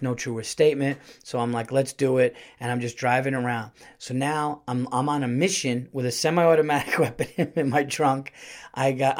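A man who hosts a podcast, telling a funny personal story in a lively way, laughing often and acting out the people he quotes. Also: mid-range voice. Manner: animated, laughs through the story, acts out quoted lines. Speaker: podcast host, comedian. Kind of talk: comedic storytelling.

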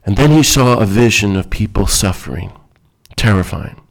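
A man's voice: on the low side, normal speed, creaky. A man giving a reflective talk in an earnest, emphatic way.

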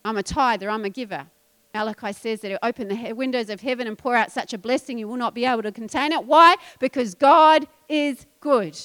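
A woman pastor preaching a sermon, emphatic and animated, dropping into quiet asides. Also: on the high side, a little fast.

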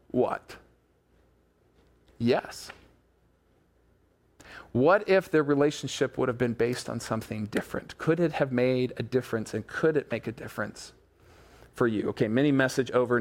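A man with a fairly high voice preaching to his congregation. He tells the story in an animated way, acting out lines and stopping for quick asides. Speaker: pastor. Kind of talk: sermon retelling a Bible story.

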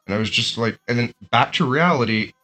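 Bright-voiced man telling a story. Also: mid-range voice, fairly quick, soft background music. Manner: animated, lots of fillers and restarts. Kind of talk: casual storytelling.

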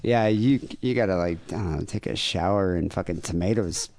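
A man's voice: low voice, a little fast, darkish tone, slight background noise. A man co-hosting a podcast, teasing his partner and introducing calls in casual banter. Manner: teasing, wry. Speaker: podcast co-host.

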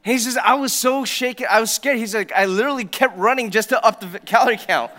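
A male pastor delivers a sermon in a church sanctuary, his voice pitched high for a man and bright in tone. He tells his story in a conversational way, dropping to hushed asides and then rising to loud, emphatic declarations. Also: fast.

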